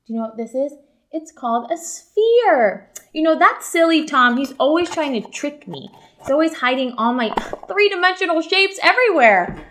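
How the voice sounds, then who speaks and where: A young woman, a kindergarten teacher, talks to young children in an animated, upbeat way during a lesson. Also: sits high, a little slow, long pauses. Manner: animated and upbeat, talking to kids.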